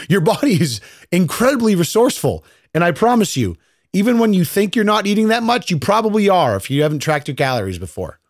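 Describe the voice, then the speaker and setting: Podcast host, man, 30s, casual profane monologue, slightly high pitch, dry room. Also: big pitch swings, brisk, no room sound. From United States. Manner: blunt, profane, conversational.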